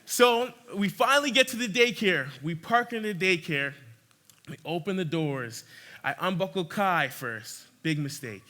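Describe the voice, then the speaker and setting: Young man, high voice, very bright tone, church talk, animated storytelling, stumbles and restarts. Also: measured pace. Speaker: church speaker.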